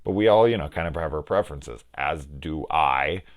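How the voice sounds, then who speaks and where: A young man with a low voice talks through a film review in loose, rambling fashion. He swears freely, leans on "like" and acts out bits of dialogue as he goes. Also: expressive, moderate pace. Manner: rambling, profane, with lots of "like" and quoted dialogue. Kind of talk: casual spoken film review.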